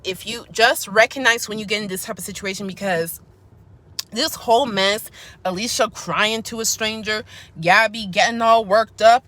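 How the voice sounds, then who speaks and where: A woman's voice: medium pitch, pushed and bright. A woman giving a sassy, emphatic opinion vlog from her car, full of slang and talking straight to viewers. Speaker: YouTuber giving commentary.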